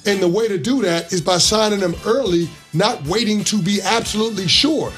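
A man's voice: high-pitched, a little fast, soft background music. A man co-hosting a sports radio talk show, arguing his points emphatically. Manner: argumentative, emphatic, loud celebrating.

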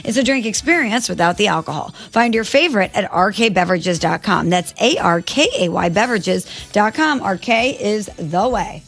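A confident, upbeat woman co-hosting a sports talk show and reading a sponsor spot. Her pitch is mid-range for a woman. Faint music plays behind her. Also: expressive, moderate pace, creaky, hardly any pauses, fairly bright tone. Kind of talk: sports radio chat and live ad read.

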